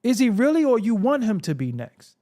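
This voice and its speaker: Blunt, high-voiced man ranting to camera. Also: huge pitch swings, moderate pace, mellow. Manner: blunt, confrontational, profane; repetitive, preaching. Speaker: hip-hop commentary host. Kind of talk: solo commentary rant.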